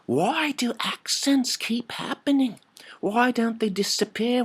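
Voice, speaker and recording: A man's voice: high voice, breathy edge. A middle-aged man explaining accents in a playful way, dropping into whispered asides. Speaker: teacher on accents. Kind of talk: playful explanatory talk to camera.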